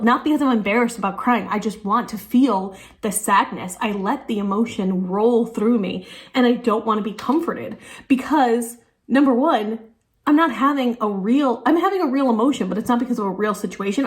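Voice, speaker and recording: A woman in her thirties, a teacher and beauty vlogger, chatting casually and thinking aloud while doing her makeup. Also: mid-range voice. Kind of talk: casual makeup tutorial chat.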